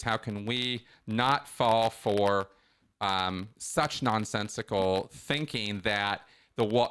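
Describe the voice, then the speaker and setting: This call-in show host is a middle-aged man whose voice is smooth and a bit low. He talks in a loose, lively, emphatic stream, often starting his sentences over.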